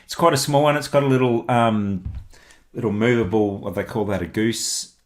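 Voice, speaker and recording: A man with a very low voice talks through microphones in a relaxed, chatty way. He thinks aloud as he goes, like a blogger walking viewers through his kit. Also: normal speed. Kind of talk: casual product walkthrough.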